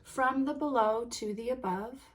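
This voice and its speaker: A woman hosting a tarot unboxing, reading card titles aloud in a gentle, admiring way with soft exclamations. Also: a little high, measured pace, slight background noise. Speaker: tarot reader and channel host.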